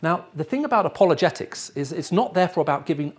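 His voice runs high and husky, and he talks fast and expressively with barely a pause. He's a middle-aged man with an English accent who grew up in the Middle East, giving a teaching sermon to a live audience and often checking in with them.

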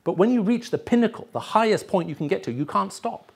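High, gravelly, and a little breathy, this middle-aged man's voice moves fast and expressively. He has an English accent, was raised in the Middle East, and preaches a teaching sermon to a live audience, often checking in with those listening.

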